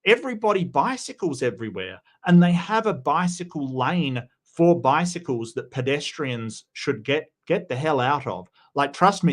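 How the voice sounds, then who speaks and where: An Australian man hosting a casual livestream, chatting loosely with many restarts and greeting viewers by name. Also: medium pitch. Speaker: livestream host.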